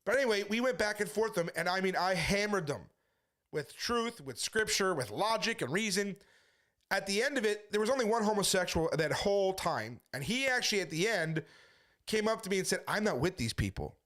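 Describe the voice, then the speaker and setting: A man who is a street preacher, briskly telling a story to his viewers and quoting the back-and-forth as he goes. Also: high voice, expressive, a bit bright. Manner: brisk retelling full of quoted back-and-forth. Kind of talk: casual storytelling monologue.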